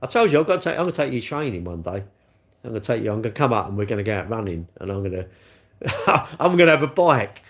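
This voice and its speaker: Gravelly man, rambling live chat. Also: mid-range voice, big pitch swings, fast talker, fairly bright tone. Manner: chatty, rambling, cheeky, answers chat comments. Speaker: livestream host.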